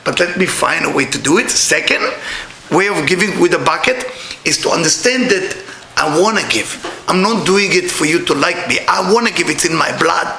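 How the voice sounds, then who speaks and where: A middle-aged man with an Israeli accent gives a spiritual talk, blunt and full of jokes. His voice sits high and bright. The room around him rings with echo. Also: moderate pace, vocal fry, slight background noise. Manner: animated storytelling, blunt and joking. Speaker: kabbalah teacher.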